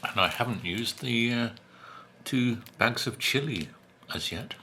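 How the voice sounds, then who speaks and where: A man's voice: mid-range voice, expressive, bright, forceful tone, a little hiss or hum. A man reviewing takeout food in a casual chat while he eats, with dry humor, chewing and humming between remarks. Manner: unhurried, chatty, dry humor, chews and hums between remarks. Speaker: food vlogger.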